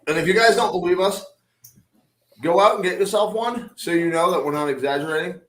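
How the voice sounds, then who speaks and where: This co-host of a casual live show, talking over a video call, has a high-pitched voice and speaks a little fast against a noisy background. He moans, laughs, and complains theatrically about how hot it is.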